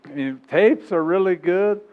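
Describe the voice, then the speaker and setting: A man's voice: sits high, a little slow. Folksy preacher man, tinny recording. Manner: folksy, repetitive preaching with chuckles. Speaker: pastor. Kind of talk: sermon.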